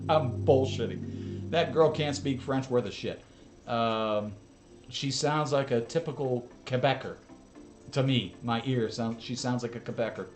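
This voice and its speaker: An American channel host reacts casually to drone footage alongside his viewers, wandering into asides and chuckling as he goes. His voice is mid-range and a bit slow, with faint music in the background.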